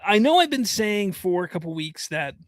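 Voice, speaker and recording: A man's voice: sits high, very animated, normal speed, no echo. A man in his thirties co-hosting a podcast, easygoing and agreeable, laughing often in casual chat. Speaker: podcast co-host.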